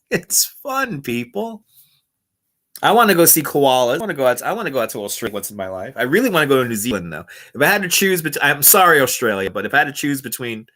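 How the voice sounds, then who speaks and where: A man's voice: medium pitch, pushed and bright. A man chatting playfully on a livestream, reading comments and laughing often. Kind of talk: casual live chat reading comments. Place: indoors at home. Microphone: wireless clip-on mic.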